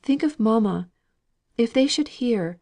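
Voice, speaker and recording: A woman's voice: on the high side, animated, unhurried, voice pushed up. A woman voicing a faint but determined injured young woman in an audiobook reading. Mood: pleading. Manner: soft, pleading yet resolute.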